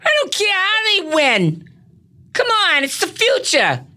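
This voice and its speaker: Man doing a shrill, cranky old woman. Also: wildly swooping pitch, unhurried, sharp tone, exaggerated voice. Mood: dismissive. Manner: shrill, dismissive, rambling. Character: blunt cranky old woman, baseball team owner.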